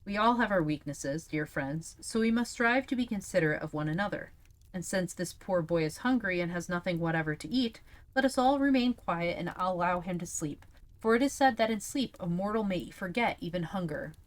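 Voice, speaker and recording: A woman voicing the Scarecrow, a kindly, wise male straw king who speaks in a gentle, thoughtful manner. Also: lowish voice, expressive, a little fast, close to an everyday voice. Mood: soothing.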